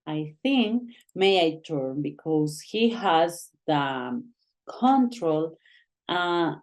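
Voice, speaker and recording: A woman teaching an online English grammar lesson, reading exercise lines aloud in a slow, halting way. English is not her first language. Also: lowish voice, a little mellow. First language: Spanish.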